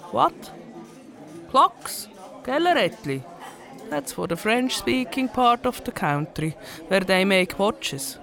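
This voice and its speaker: A woman's voice: mid-range voice, a little slow. Swiss-German woman in a comic monologue. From Switzerland. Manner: lively, mock-serious, with sudden shifts of tone. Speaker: comedian.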